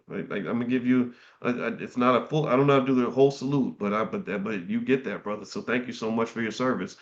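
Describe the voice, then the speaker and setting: A middle-aged man talks straight to his livestream chat in a heartfelt, unscripted way. He stumbles and doubles his words as he reaches for what he means. His mid-pitched voice comes through a slightly dull, lo-fi recording. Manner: heartfelt, repeats words and restarts sentences. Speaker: livestream host. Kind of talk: earnest livestream talk to chat viewers.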